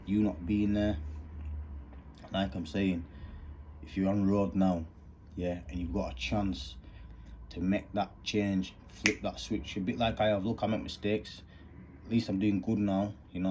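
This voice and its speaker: A man's voice: sits low, a little mellow, slight background noise. A man, talking earnestly in rambling street slang about fatherhood. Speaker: vlogger. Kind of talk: candid monologue.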